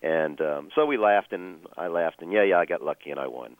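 A man telling a personal story as a guest, measured and full of fillers and restarts. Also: low-pitched, clear, resonant tone, no echo, narrow, tinny audio.

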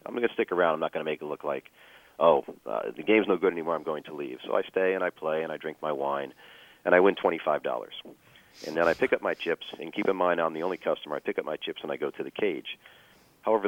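A man telling a personal story as a guest, measured and full of fillers and restarts. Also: low voice, dry recording, narrow, tinny audio.

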